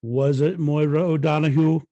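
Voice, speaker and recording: A man's voice: on the high side, fairly even intonation, normal speed, warm tone, dull audio, pitched above the performer's own voice, lightly acted. A man voicing a prying Irish priest who coaxes details out of a confession, in a put-on Irish accent. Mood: coaxing. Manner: prying, coaxing.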